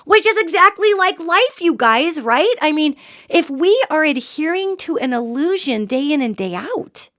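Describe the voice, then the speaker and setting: Animated woman telling a ghost story. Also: on the high side, no echo, studio quality. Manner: animated, emphatic, colloquial. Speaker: podcast host. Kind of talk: storytelling talk on spirits.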